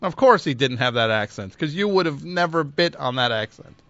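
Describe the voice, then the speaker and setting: A man's voice: fairly high pitch, expressive, normal speed, pushed and bright, no echo. A man hosting a call-in radio show, sarcastic and exasperated, mocking his callers. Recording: slightly dull studio recording.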